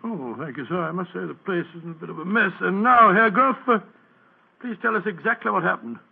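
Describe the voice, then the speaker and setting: A genial doctor speaks in a high, gravelly voice, chuckling easily, a little husky. The sound is an old tinny radio broadcast. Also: male voice, a little fast, exaggerated voice. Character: genial, modest male doctor, middle-aged.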